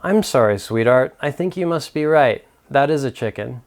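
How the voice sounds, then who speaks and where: An irritable young newlywed husband , as a man acts him out, argues with emphatic, exasperated stress in a fairly high male voice. He spells his point out with rising impatience in a spoken story. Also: a little slow, natural voice. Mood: gentle.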